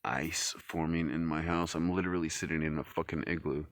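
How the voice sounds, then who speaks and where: A man ranting alone to camera in a cold room at home, swearing freely and swinging between loud outbursts and low muttering. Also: fairly even intonation, fairly quick, slight background noise. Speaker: vlogger. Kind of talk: rambling solo rant to camera.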